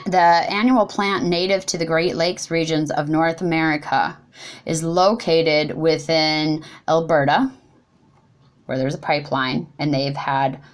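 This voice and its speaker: A young woman giving an impassioned speech, her voice rising and growing loud when upset, often tripping over words and apologizing. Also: sits low. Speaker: speaker at a protest talk.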